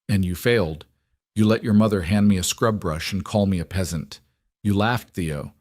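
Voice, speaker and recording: A man's voice: deep voice, no room sound, clean studio sound, lightly acted. Man reading as a cold composed royal woman. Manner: flat, cold, measured.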